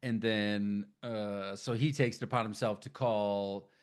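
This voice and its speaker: A man's voice: fairly low pitch, unhurried. A man co-hosting a casual podcast, retelling a horror film in a loose, profane way and acting out the characters' lines. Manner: profane, animated storyteller who acts out characters' lines. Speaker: podcast co-host.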